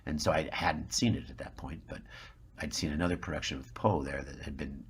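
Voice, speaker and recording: A man's voice: rumbling low, fairly quick, slight background noise. A man in his seventies, a guest actor, telling a long rambling anecdote and acting out the people in it. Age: 70s. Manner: rambling, animated storyteller who acts out the people he quotes. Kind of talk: anecdotal storytelling.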